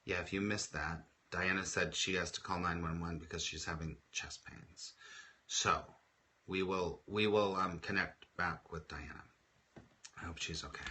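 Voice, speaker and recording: Male spiritual coach hosting a morning show: very bright tone, expressive, repetitive phrasing. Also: low-pitched, a little slow. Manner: expressive storyteller who repeats phrases. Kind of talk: live motivational morning show.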